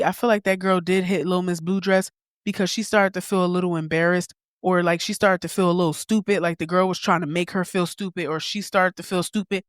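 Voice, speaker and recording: A woman's voice: on the low side, dry recording. Woman podcaster, blunt and candid, cussing here and there, dry close mic. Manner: blunt, candid, swears casually. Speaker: podcast host. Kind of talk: opinionated commentary.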